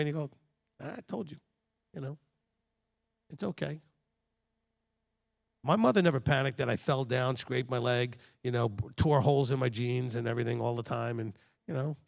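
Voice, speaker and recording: A man in his fifties giving a lively, joking sermon-style talk to a congregation. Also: mid-range voice, vocal fry. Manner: animated and jokey, with mocking quoted voices. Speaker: teacher at a Torah study.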